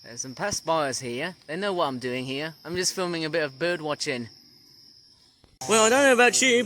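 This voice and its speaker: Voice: mid-range voice, moderate pace, slight background noise. A vlogger exclaiming with wonder while walking a jungle trail near a waterfall, filming wildlife. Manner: excitable, marvelling, exclaims often. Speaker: nature vlogger. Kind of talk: walking nature vlog commentary.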